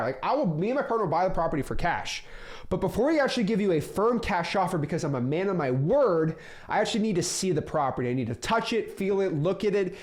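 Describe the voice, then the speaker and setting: A man coaches real estate wholesaling in an energetic, hands-on way, often slipping into little role-plays of phone calls. His voice sits a bit high and swings widely in pitch as he talks. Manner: animated, acts out both sides of sales calls. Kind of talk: instructional talk with role-played calls.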